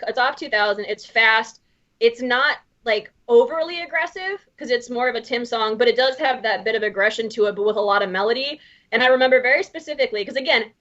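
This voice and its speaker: A woman's voice: fairly high pitch, a bit bright, highs cut off. A woman from the Midwestern US, a podcast guest chatting casually, laughing often and swearing freely. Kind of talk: casual chat.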